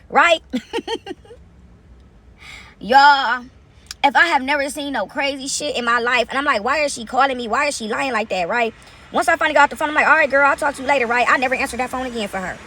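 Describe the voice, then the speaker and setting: Fast animated woman telling a story. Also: high-pitched. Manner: animated, talks straight to viewers with frequent "right?". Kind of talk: casual storytelling to viewers.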